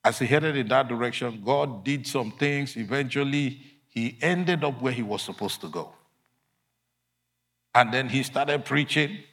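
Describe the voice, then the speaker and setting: A man's voice: mid-range voice, measured pace. Emphatic male preacher. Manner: emphatic, swinging between loud declarations and quiet asides. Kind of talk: sermon.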